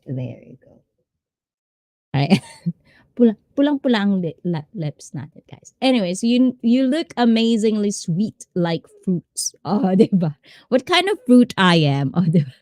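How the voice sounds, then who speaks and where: A woman's voice: mid-range voice, a little mellow, no echo. Filipino woman hosting a live chat. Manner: switches between English and Tagalog, reads chat aloud, laughs often. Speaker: livestream host, personal trainer. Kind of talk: casual livestream chat.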